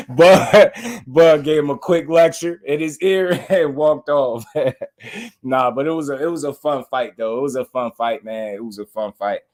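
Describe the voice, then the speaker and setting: Brief: male commentator, relaxed and slangy, mid-range voice, laughs a lot. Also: medium pitch, normal speed. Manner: slangy and laid-back, laughing often, reading out viewer comments. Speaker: boxing commentator. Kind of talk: casual commentary.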